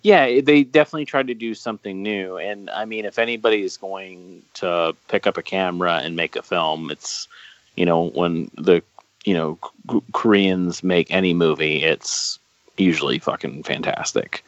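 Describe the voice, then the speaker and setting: A podcast co-host whose voice sits low talks about films at a moderate pace, casual and enthusiastic, wandering off track and restarting sentences often. The sound is dull and lo-fi, with no echo.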